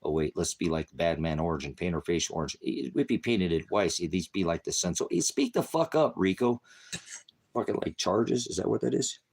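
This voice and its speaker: A man's voice: deep voice, fairly quick, gravelly, few pauses, darkish tone, husky. A man preaching in an angry livestream rant, cursing heavily and berating someone in his chat. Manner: heavy cursing, insulting and berating; confrontational, talks to a commenter. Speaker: online preacher.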